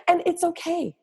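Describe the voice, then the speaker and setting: A woman's voice: extremely high pitch, darkish tone. A middle-aged woman talking candidly as a guest in a casual podcast interview, telling stories from her life as a mother.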